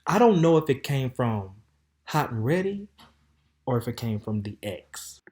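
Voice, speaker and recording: Flamboyant, sassy man telling a story. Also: unhurried. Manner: flamboyant, sassy, animated, calls listeners "baby" and "honey"; swings from loud outbursts to low mutters. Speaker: podcast host. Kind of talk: casual storytelling monologue.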